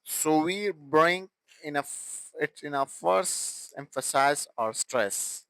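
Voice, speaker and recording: Male grammar teacher, higher voice, slow and halting delivery, dry close sound. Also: expressive, fairly bright tone, smooth, no room sound, rough recording. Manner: halting, with restarts and broken phrasing. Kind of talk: classroom grammar explanation.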